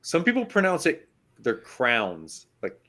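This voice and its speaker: A man's voice: fairly low pitch, expressive, a little slow, fairly bright tone. Joking, slangy male co-host. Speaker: podcast co-host. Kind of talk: casual sports chat.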